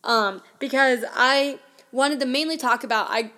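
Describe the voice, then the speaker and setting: A woman's voice: sits high, measured pace, sharp tone. A woman in her twenties telling a personal story as a podcast host, in a candid, conversational way full of "like" and "I mean.".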